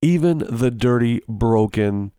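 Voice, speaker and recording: A man's voice: medium pitch, lively intonation, slow pace, dark tone, clear, resonant tone, dry recording, studio quality. A man preaching a sermon in an earnest, pleading way, repeating phrases for emphasis.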